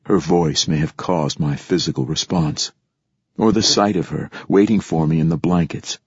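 A man narrating an audiobook in a measured, reflective storytelling manner. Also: a bass voice, breathy edge, no room sound, dull audio. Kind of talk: scripted narration.

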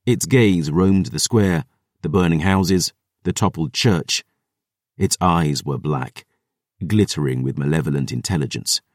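A man narrating an audiobook in the first person, with a gruff, sardonic, measured delivery. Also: sits low, darkish tone, no room sound, clean studio sound.

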